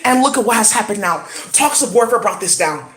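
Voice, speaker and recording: Excitable woman in an echoey room. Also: medium pitch, fairly quick. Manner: excitable, rambling, intense. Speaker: spiritual reader. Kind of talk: casual vlog. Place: at home indoors.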